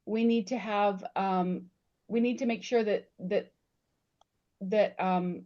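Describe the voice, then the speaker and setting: A woman's voice: mid-range voice, steady tone, slow, warm tone. Earnest woman panel guest, emphatic, repeats herself mid-thought, muffled audio. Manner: earnest and emphatic, repeats words while building points. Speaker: guest speaker on employee recognition. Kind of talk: panel discussion storytelling.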